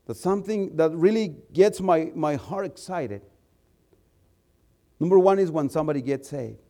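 A male preacher and missionary telling a story in a sermon, animated and repeating words as he gets excited. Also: on the high side, moderate pace.

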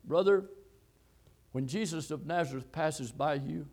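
A man preaching a sermon, quoting scripture and repeating phrases, swinging between loud, high exhortation and low, quiet telling. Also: a little slow. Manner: reads and quotes scripture verses.

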